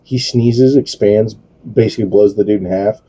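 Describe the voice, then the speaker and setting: Guy on a podcast just rambling and cussing, lots of ums, kinda husky low-ish voice, real dark tone. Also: moderate pace. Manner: rambling, swears a lot, many fillers and restarts. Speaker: podcast co-host. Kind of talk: casual chat.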